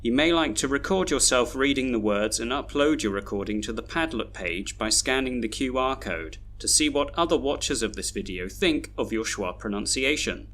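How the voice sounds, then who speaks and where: A man teaching pronunciation in a scripted video lesson, saying each example word slowly and carefully, twice. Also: mid-range voice, lively intonation, a bit bright. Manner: slow, careful modelling of words, each said twice.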